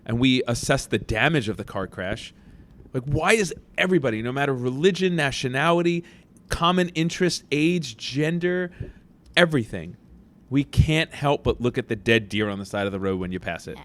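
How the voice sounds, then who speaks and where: Middle-aged man, teacher hosting a casual podcast, lively storyteller who acts out quotes, middle-pitched voice. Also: moderate pace.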